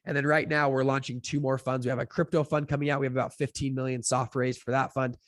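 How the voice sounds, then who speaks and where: A man's voice: medium pitch, fast talker, no echo, clean studio sound. Chatty young man telling a story. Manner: chatty, filler-heavy, acts out quotes with lively voices. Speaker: podcast guest, fund founder. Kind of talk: casual storytelling in an interview.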